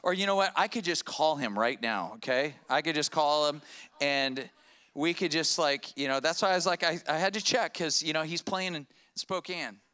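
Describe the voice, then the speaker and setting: A middle-aged man preaches from a church stage in a lively storytelling sermon. His voice sits high and sounds bright and smooth. He restarts phrases and keeps checking in with the congregation. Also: moderate pace. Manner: animated, repeats words and checks in with "all right?". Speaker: pastor.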